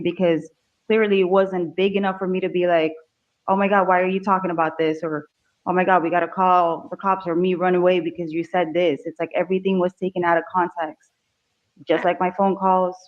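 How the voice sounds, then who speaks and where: A woman's voice: lowish voice, level tone, brisk. A woman testifying in court, answering politely but defensively. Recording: dull courtroom audio.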